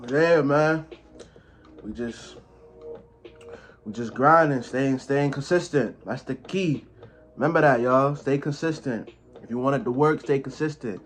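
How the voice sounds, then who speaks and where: Young guy talking slang while he eats, mouth full sometimes, regular pitch, bit of faint noise behind. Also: a little slow, long pauses. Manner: laid-back slangy banter, talks with food in mouth. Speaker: mukbang vlogger. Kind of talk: casual talk to camera while eating.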